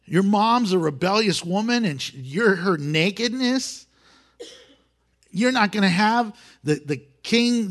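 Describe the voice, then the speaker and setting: A male pastor teaching verse by verse through a Bible passage, in a conversational way with wry asides. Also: high voice.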